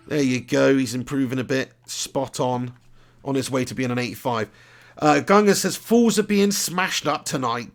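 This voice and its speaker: Gravelly gaming streamer. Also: male voice, mid-range voice. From southern England. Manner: chatty, laughs often, British slang. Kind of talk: live gameplay commentary and chat.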